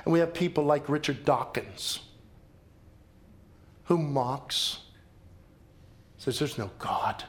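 A man's voice: fairly high pitch, slow, long pauses. Man preaching a dramatic sermon. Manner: dramatic storytelling with emphatic repetition. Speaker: pastor.

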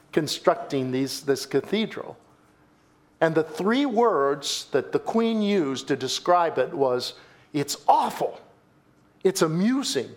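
Male pastor, sermon delivery, slow, animated pitch, emphatic repetition. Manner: dramatic storytelling with emphatic repetition; addresses listeners as folks.

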